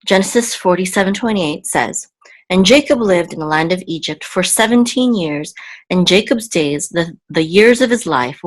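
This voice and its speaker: A Hebrew teacher with a lowish voice leads a slow, step-by-step reading lesson, patiently sounding out words one syllable at a time. The recording is rough.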